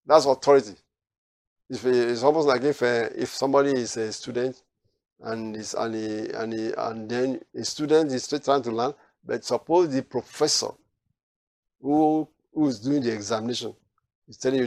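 A man preaching a sermon, repeating phrases and swinging from quiet asides to loud, emphatic declarations. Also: mid-range voice, fairly even intonation, moderate pace, gravelly, no room sound, studio quality.

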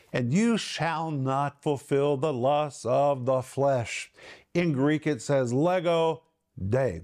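Bible teacher, man, middle-aged, somewhat high voice, earnest, leans into emphasis. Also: darkish tone. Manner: earnest, slows and lifts his voice for emphasis. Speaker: Bible teacher and ministry host.

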